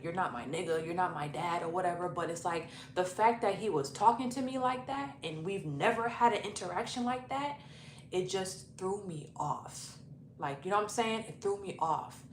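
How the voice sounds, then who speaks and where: A young woman telling a personal story in a casual, animated, profane vlog style. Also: mid-range voice. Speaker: YouTube storyteller. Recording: roomy echo, faint noise.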